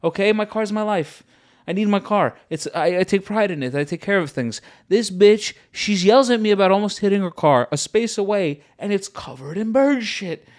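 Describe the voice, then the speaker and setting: A man from the New York and New Jersey area, co-hosting a podcast and telling a comedic story with animated, profane delivery. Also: high voice, moderate pace. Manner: animated, profane, acts out shouting exchanges. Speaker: podcast co-host.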